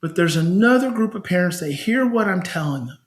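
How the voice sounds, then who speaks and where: Fairly quick and pitched high, a middle-aged child behavior specialist spins conversational stories on a podcast. He's animated throughout and takes on the voices of parents when quoting them.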